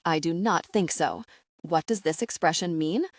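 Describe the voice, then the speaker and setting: A woman's voice: lowish voice, normal speed, no echo, studio quality, natural voice. A woman voicing a charming young French man with a French accent in an audiobook. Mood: polite. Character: young French male doctor, polite and charming.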